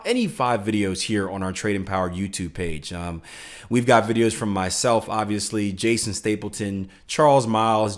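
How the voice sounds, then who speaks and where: A man with a lowish voice runs through his trading results and plugs his program in an easygoing, chatty way. He restarts phrases often and leans on fillers, keeping a cheerful, upbeat tone throughout. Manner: upbeat self-promoting pitch. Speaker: forex trader and video host. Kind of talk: casual market commentary and sign-off.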